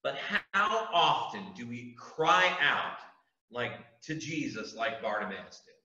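A man's voice: mid-range voice, lively intonation, takes it slowly, sharp tone. A man preaching a youth group sermon as youth pastor, earnest and emphatic, with repeated calls to his listeners. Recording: echoey room, distant mic, dull sound.

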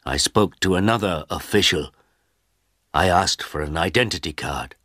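Low-voiced male story narrator. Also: normal speed, sharp tone, no echo, studio quality. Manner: simple, clear sentences. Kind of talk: scripted first-person narration for English learners.

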